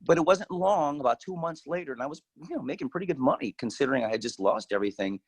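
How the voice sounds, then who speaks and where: A man's voice: on the high side, animated, fast talker, breathy edge, no echo, poor audio. An older man, a guest speaker, telling his life story in a candid, folksy way. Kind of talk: personal storytelling.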